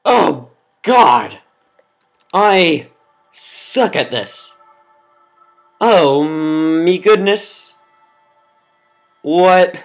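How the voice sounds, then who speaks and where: A gameplay commentator who rages melodramatically at the game, groaning and yelling at every failure. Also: mid-range voice, expressive, extremely slow, pauses often, soft background music. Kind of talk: raging let's-play commentary.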